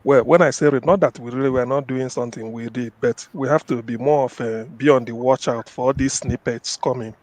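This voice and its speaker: A man's voice: mid-range voice, fairly even intonation, brisk, hardly any pauses, darkish tone, no room sound. A man giving his closing statement in a casual discussion, repeating words for stress. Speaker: caller giving a final statement.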